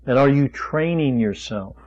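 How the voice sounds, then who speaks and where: Male preacher, mid-pitched, folksy and questioning, slightly dull lo-fi recording. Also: lively intonation, unhurried, darkish tone. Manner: rhetorical questions, folksy asides. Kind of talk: sermon.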